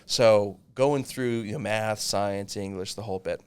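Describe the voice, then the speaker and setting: A man in his thirties telling a long personal story in casual chat, animated and swearing freely. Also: on the low side, unhurried, clear, resonant tone. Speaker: podcast co-host.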